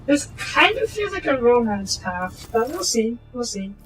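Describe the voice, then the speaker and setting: A woman playing a video game and giving casual, relaxed, wry commentary as she goes. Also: a little high, measured pace, slight background noise, low-quality recording. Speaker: game streamer. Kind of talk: casual let's-play commentary.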